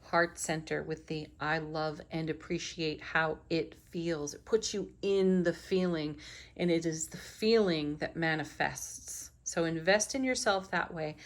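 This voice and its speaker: A middle-aged woman giving an enthusiastic, affirming spiritual tarot reading. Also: lowish voice. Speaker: tarot reader.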